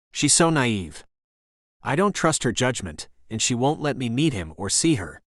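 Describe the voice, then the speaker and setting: Male narrator for a first-person romance audiobook, earnest, middle pitch, dry studio sound. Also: dry recording.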